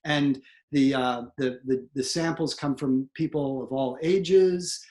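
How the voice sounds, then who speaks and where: A man's voice: medium pitch, takes it slowly, a little mellow. Man explaining accent study to actors. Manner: explanatory, with fillers and repeated words. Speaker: theatre professor. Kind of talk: instructional talk.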